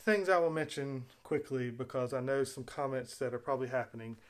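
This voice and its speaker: A man's voice: medium pitch, fairly even intonation, a little fast. A man hosting his own video, talking in a casual, rambling way as he retells a story, with fillers and restarts. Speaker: video host. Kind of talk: casual spoken commentary.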